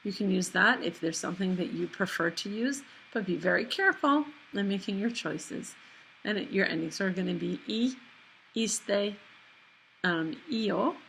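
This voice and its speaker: Gravelly bright-voiced woman teaching. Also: medium pitch, lively intonation, slight background noise. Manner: clear, patient explaining, slows down for examples. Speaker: Spanish teacher. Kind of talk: recorded classroom lecture over slides.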